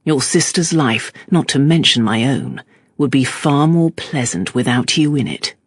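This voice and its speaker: A narrator voicing a calm, stern middle-aged male magistrate in an audiobook, measured and quietly threatening. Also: medium pitch, slightly rough, no echo, clean studio sound, pitched below the performer's own voice. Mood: cool, stern.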